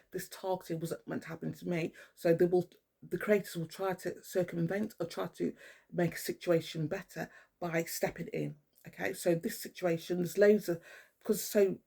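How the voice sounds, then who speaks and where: Gravelly, husky middle-aged woman. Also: on the low side, warm tone. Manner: rambling, swears often, many fillers and restarts. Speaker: spiritual vlogger. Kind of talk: casual rambling monologue. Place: at home indoors with a cat.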